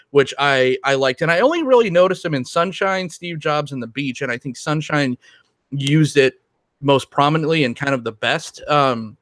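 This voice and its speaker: A man's voice: medium pitch, a bit bright, no room sound. A man co-hosting a podcast, talking about films in a rambling way with lots of restarts and ums. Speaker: podcast co-host. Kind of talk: casual film discussion.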